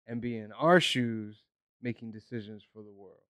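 A man's voice: fairly low pitch, normal speed, a bit bright, no room sound, clean studio sound. A man from Newburgh, New York, a guest musician earnestly telling stories in a casual podcast chat, with many "like" fillers.

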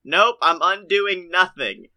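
A man co-hosting a casual theme park podcast, excitable and quick to laugh, ranting with rising energy. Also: a crowd in the background. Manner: excitable, laughs often, rants with rising pitch. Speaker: podcast co-host. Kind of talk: casual chat.

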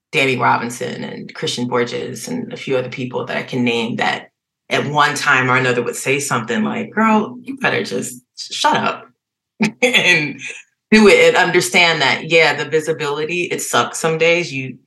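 A woman's voice: extremely low pitch, rough recording. A woman speaking candidly as a podcast guest, frank and open, laughing and sometimes quoting others. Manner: frank, emotional, animated when quoting others. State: tearful at times. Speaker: guest, advertising executive.

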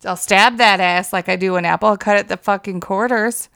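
A woman co-hosts a loose chat and keeps throwing in crude, joking wisecracks. Her voice is bright and has a sharp edge to it. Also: mid-range voice, steady tone, a little fast, creaky, smooth. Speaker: podcast co-host. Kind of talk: casual profane chat.

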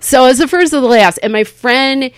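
A woman stand-up comedian from Southern California, a podcast guest rambling through stories in animated, casual interview chat. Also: high-pitched, fairly quick, smooth, no room sound.

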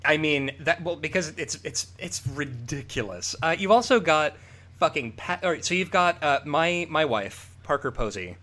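A man on a casual podcast, talking with a lively, swooping voice that sits a little high for a man. He swears freely and riffs along, often breaking into laughs. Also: normal speed. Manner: profane, animated, riffing with laughs. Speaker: podcast co-host. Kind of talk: casual chat.

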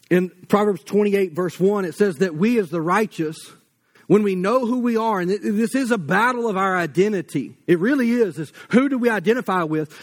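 A pastor delivers a sermon in an easygoing, conversational tone, full of casual asides. His voice sits high for a man. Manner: conversational, folksy preaching with asides.

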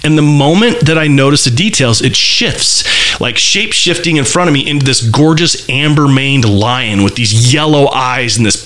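A man talks through a personal experience in an easy, conversational way. His phrasing is loose and candid, full of restarts and fillers. His descriptions are vivid and animated, with a voice of ordinary middle pitch. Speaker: podcaster telling a personal story. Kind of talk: casual conversational storytelling.

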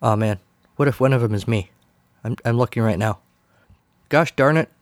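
A man's voice: mid-range voice, moderate pace, no echo. A man hosting a podcast, talking casually in a wry, sarcastic way. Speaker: podcast host. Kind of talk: casual solo commentary.

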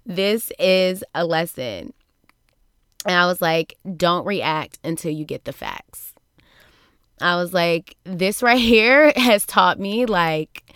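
A woman talks into a studio microphone, recounting a family story in a loose, chatty way and slipping into the voices of the people she quotes. Her voice is smooth and clear, sitting a little low for a woman. The sound is dry and close, with no room around it. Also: dry recording. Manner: animated, acts out quoted voices, laughs often. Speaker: podcast host. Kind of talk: casual storytelling monologue.

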